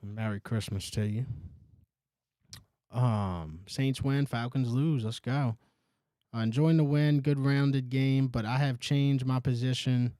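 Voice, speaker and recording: A man's voice: mid-range voice, fairly even intonation, slow, dark tone, no room sound, clean studio sound. A man hosting a casual sports call-in show, with laid-back, profane banter. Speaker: radio call-in show host.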